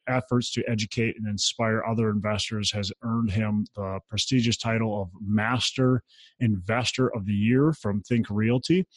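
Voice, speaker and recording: A man's voice: lowish voice, no room sound. A man hosting a podcast interview, reading a guest introduction with small restarts. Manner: friendly, reads with small restarts. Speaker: podcast host.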